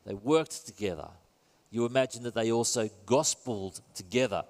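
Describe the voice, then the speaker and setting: A man's voice: medium pitch, a little mellow. A man preaching a sermon in a church, conversational and earnest, with self-deprecating asides. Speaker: pastor. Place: church building. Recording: long reverb in a church hall.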